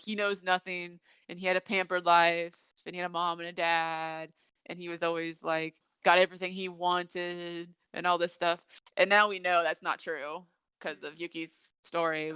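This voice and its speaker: A woman's voice: on the low side, level tone, normal speed, sharp tone, smooth, no echo, dull audio. A woman co-hosting a podcast, rambling through a casual episode recap with lots of "like". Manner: rambling retelling, many "like" fillers. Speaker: podcast co-host.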